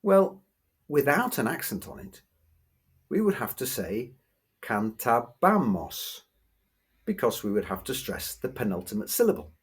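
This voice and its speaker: A man teaching a grammar lesson, patiently explaining rules and slowly repeating example words. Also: medium pitch, very animated, husky.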